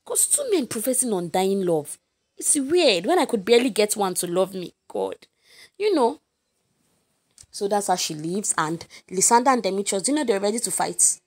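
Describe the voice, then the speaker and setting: A young woman with a Nigerian accent, teaching literature, delivers a casual, animated lesson recap aimed right at her listeners. She uses a mid-range voice at a moderate pace.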